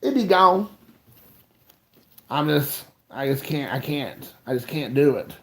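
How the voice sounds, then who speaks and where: Chatty man with a creaky voice. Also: fairly high pitch, lively intonation, slow. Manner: rambling, self-mocking, restarts a lot. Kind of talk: casual chat, storytelling.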